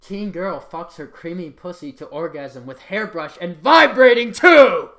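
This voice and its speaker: With a medium-pitched, slightly bright voice at a moderate pace, an adult recites a list of titles as a joke. The pretend solemnity keeps dissolving into laughs, with the odd switch to an announcer's delivery.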